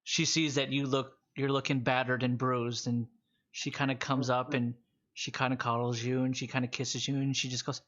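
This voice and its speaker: A man's voice: mid-range voice, level tone, moderate pace, a bit bright. Gm guy narrating loosely, kinda muffled lo-fi sound. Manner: loose, chatty narration with fillers. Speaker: game master. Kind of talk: narrating a tabletop game. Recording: dull lo-fi audio.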